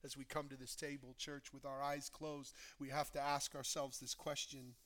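A male pastor delivers a sermon with a bright, forceful edge to his voice. He leans on repetition and rhetorical questions, pressing each point home as he leads the church toward communion. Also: medium pitch, flat delivery, moderate pace. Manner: emphatic, repeats phrases and asks rhetorical questions.

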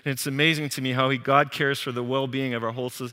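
A man's voice: medium pitch, fast. Man preaching in a reverberant hall. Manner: animated preaching, acts out quoted voices. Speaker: pastor. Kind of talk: sermon.

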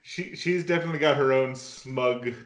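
A man's voice: medium pitch, a little fast. A man in casual chat about an anime, chiming in and adding notes he wrote down. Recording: roomy echo.

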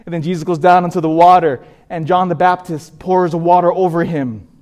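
A man giving an emotional sermon testimony, pleading, with halting repetitions as he tells his story. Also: high voice, steady tone, darkish tone.

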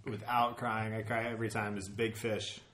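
A man's voice: lowish voice, level tone, normal speed, fairly bright tone. A man in casual podcast chat who drops dry, brief interjections. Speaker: podcast co-host.

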